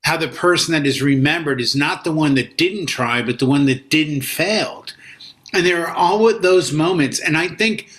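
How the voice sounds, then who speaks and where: A man's voice: on the high side, moderate pace, a bit bright. A man from Boston in casual panel chat, expansive and fond of quoting famous orators. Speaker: co-host.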